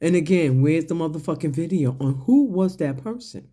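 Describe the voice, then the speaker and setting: Warm and expressive, this man's fairly high voice carries a slow, deliberate rant aimed at his audience. As an online commentator, he picks apart someone point by point, mocking them with profanity and pointed questions.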